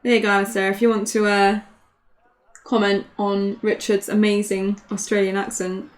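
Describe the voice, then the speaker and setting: A woman's voice: medium pitch, level tone, moderate pace. A young woman doing casual, playful commentary on a card game, laughing often. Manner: giggly, playful banter.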